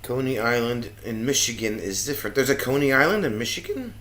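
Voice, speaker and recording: A man's voice: medium pitch, fairly quick. A man co-hosting a casual livestream, cheerfully reading viewer comments and chatting. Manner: animated, cheerful, reads viewer comments aloud. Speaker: livestream co-host reading chat. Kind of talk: casual chat.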